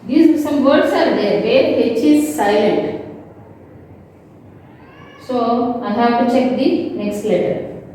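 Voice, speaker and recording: A woman teacher, slowly explaining a grammar lesson and often checking that the class understands. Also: fairly high pitch, mellow, a little hiss or hum. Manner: slow, repetitive explaining with frequent checks. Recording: echoey hall, mic at a distance.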